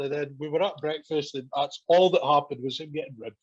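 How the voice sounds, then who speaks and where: A man's voice: fairly high pitch, brisk, breathy edge. A man, a podcast guest telling a story in casual chat, swearing a lot, laughing and acting out what people said. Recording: dull lo-fi podcast audio.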